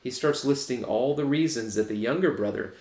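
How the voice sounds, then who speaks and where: A man's voice: mid-range voice, brisk, a little mellow. A man pastor giving a reflective, conversational sermon in a church. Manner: reflective, conversational preaching with restarts. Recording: echoey room.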